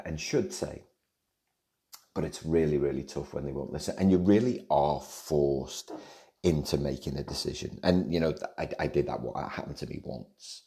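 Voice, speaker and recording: A middle-aged Liverpool man hosting a podcast, with a very deep, dark and mellow voice. He answers listener questions in a loose, chatty way. He drifts off topic and breaks off mid-sentence before picking the thread back up. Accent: Liverpool English. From England, Liverpool area. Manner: rambling, digressive, self-interrupting. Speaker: podcast host.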